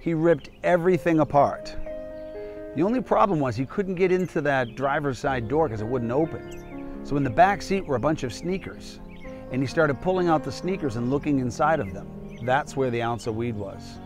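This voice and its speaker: A man's voice: medium pitch, animated, moderate pace, over music. A man in his fifties, a doctor and public speaker, telling a personal cautionary story in an emphatic, candid, conversational way.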